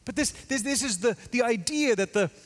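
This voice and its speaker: A male pastor preaching a sermon emphatically, often dropping into a hush for effect. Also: very high-pitched, expressive, moderate pace, long reverb tail. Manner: emphatic, dramatic drops to a hush.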